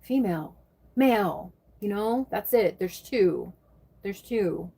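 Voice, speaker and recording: A woman's voice: medium pitch, expressive, takes it slowly, gravelly, background noise. Woman, American, livestream chat, casual, swears, reads viewer names. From United States. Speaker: live streamer chatting with viewers.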